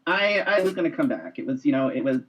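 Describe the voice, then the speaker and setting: A man's voice: on the high side, lively intonation, fast talker, fairly bright tone, slight background noise, poor audio. A man co-hosting a casual chat, teasing and swearing freely. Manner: profane, teasing banter.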